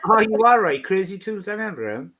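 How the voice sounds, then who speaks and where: Man, stream co-host, heated and boastful, swearing a lot, somewhat high voice. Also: sing-song, quick pace, bright, forceful tone. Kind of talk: casual chat.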